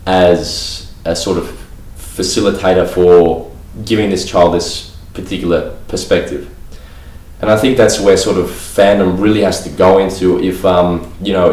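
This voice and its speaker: Casual male vlogger, very low voice, loose rambling delivery, roomy echo. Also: darkish tone. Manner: rambling, heavy fillers like "you know" and "like". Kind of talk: casual talk to camera. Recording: echoey room, voice a bit far from mic.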